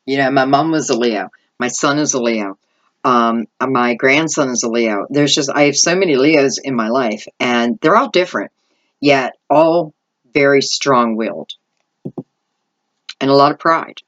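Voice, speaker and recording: Speaking at a measured pace in a very deep voice, a middle-aged woman offers an intuitive tarot reading. It's rambling, thought-aloud talk full of "I feel like" asides, captured on lo-fi audio.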